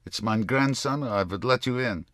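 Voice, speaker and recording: A man voicing a frail elderly grandmother with a thick Yiddish accent, speaking rapidly and anxiously while repeating herself in a storybook reading. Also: mid-range voice, fairly bright tone, no echo, pitched above the performer's own voice, lightly acted.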